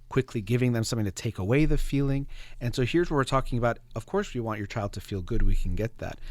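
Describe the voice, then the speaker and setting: Calm, reflective male therapist type; lower voice, dry close studio sound. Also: no echo. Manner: calm, reflective, explains with examples. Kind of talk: conversational explanation on a talk show.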